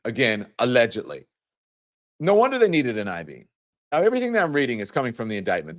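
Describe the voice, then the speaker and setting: A man hosting a talk show, reading a document aloud and adding playful, chatty asides to his viewers. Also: lowish voice. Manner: playful, quick to crack jokes. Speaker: show host. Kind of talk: live news commentary talk show.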